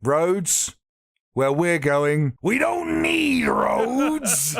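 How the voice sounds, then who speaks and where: A podcast co-host with a Portsmouth English accent, doing a blustering pirate voice with shouted, growling lines. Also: male voice, sits high, big pitch swings, very slow, full character voice. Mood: gruff. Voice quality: gravelly, rasping. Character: gruff rowdy male pirate.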